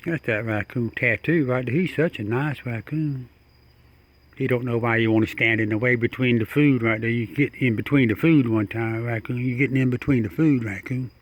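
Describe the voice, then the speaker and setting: A man's voice: mid-range voice, moderate pace, no echo, lo-fi sound. A man, talking casually and coaxingly to an animal outdoors at night, chuckling and repeating himself. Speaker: backyard wildlife videographer.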